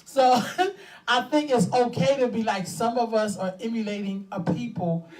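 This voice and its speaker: Woman, 50s, co-host. Blunt, animated, laughs often, a bit off-mic. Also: fairly high pitch, measured pace, distant mic. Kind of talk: casual chat.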